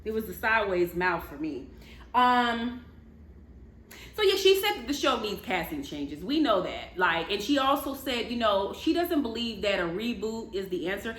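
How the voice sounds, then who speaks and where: A woman giving animated, casual gossip commentary to her viewers, laughing often and talking to them directly. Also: mid-range voice, moderate pace, echoey room. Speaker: commentary vlogger.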